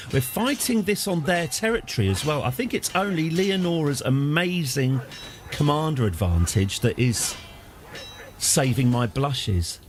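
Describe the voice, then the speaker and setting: A man's voice: mid-range voice, a little hiss or hum. A man in his forties with an English accent, chatting casually and wryly while streaming a game live, rambling off on tangents and answering his chat. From England.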